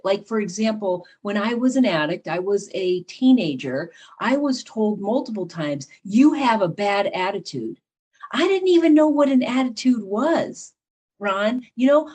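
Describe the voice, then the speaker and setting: Husky middle-aged woman, earnest explainer. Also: mid-range voice, animated, a little slow, a little mellow. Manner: earnest, explains with acted-out examples. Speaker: podcast guest and leadership teacher. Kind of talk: conversational interview talk.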